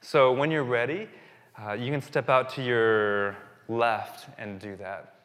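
A man's voice: mid-range voice, fairly even intonation, slow, a bit bright. A pastor in his thirties giving a conversational sermon, telling a story with restarts before leading communion and prayer. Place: church sanctuary. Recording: long hall reverb.

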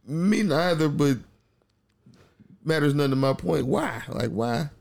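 A man with a slow, gravelly voice chats casually about a TV show as a podcast co-host. He's animated and acts out quotes in high voices.

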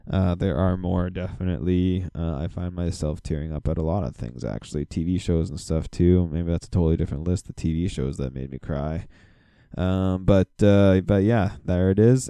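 A man's voice: low voice, normal speed, warm tone, smooth, dry recording. A man hosting his own podcast, telling stories in a rambling, casual way full of fillers. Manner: rambling, filler-heavy storytelling. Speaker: podcast host. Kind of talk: casual solo podcast monologue.

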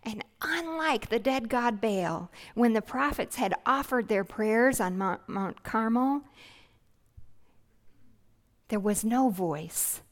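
A woman preaching a sermon, gentle, earnest and reflective, with soft hushed passages. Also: a little high, lively intonation, slow.

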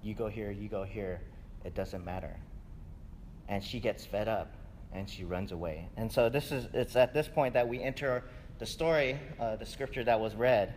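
Speaking at a normal speed in a low, slightly mellow voice, a pastor preaches as if chatting, often ending lines with "right?" Slight background noise and faint ambience come through in the echoey hall.

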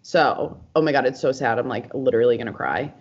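A woman's voice: extremely low pitch, a little fast, breathy edge. A young American woman in her twenties co-hosting a podcast, rambling through casual chat with lots of fillers and frequent swearing. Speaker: podcast co-host. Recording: dull lo-fi recording.

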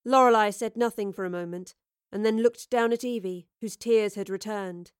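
A woman reading a story aloud in a steady, even narration. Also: medium pitch, normal speed, clean tone, dry recording, studio quality. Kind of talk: audiobook narration.

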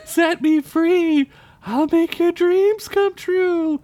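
A man's voice: very high voice, extremely slow, a little mellow, no echo, pitched above the performer's own voice, heavily acted. Man doing a whispering spirit woman. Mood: beckoning. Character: whispering disembodied female spirit voice.

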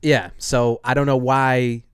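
Brief: male podcast co-host, mid-pitched voice, lively and indignant, laughs a lot, dry close mic. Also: slow, clear, resonant tone, no echo. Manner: animated, laughs often, jumps high when indignant. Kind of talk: casual chat.

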